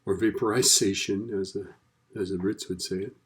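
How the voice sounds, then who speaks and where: A man's voice: low voice, level tone, fairly quick, darkish tone. A man teaching a recorded lesson in a chatty, casual way, often checking in with "right?". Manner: chatty, keeps asking "right?".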